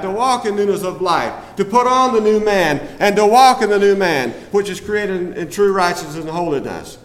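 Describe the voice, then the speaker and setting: A man's voice: high voice, fairly bright tone. A man preaching a sermon in a fervent, repetitive cadence. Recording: echoey hall with long reverb.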